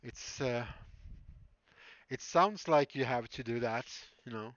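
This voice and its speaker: A man chatting on a live stream while making props, rambling and laughing as he answers his chat. His voice has a mid-range male pitch. It sounds dry and muffled, with dull lo-fi stream audio. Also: slow, fairly bright tone, no echo. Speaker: livestreaming prop maker. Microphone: streaming mic.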